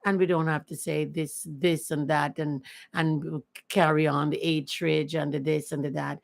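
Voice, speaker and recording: A woman's voice: low-pitched, little pitch movement, measured pace, vocal fry. A woman chatting casually and earnestly on her first livestream, repeating herself often. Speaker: livestream host.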